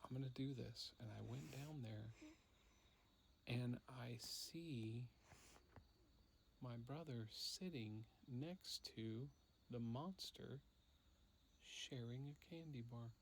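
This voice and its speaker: A man casually telling a story to his child, relaxed and unhurried, with lots of fillers, acting out the parts as he goes. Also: medium pitch, vocal fry, a little hiss or hum.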